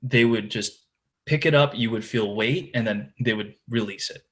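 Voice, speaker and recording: A man's voice: mid-range voice, moderate pace, a bit bright. A man guesting on a podcast, telling a tournament fishing story in a casual way, full of "like" and "dude" and often restarting his sentences. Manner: restarts and repeats words while telling the story.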